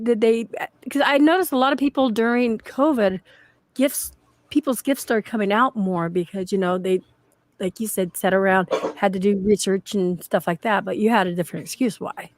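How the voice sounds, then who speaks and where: A woman with a fairly high voice hosts a casual livestream, chatty and stumbling over her words as she goes. The sound is dry and close, as on a video call. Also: moderate pace, dry recording. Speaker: livestream host.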